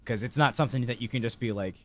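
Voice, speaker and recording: A man's voice: medium pitch, racing, fairly bright tone. A man from Britain chatting on a podcast, rambling and swearing heavily. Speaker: podcast co-host. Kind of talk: casual chat.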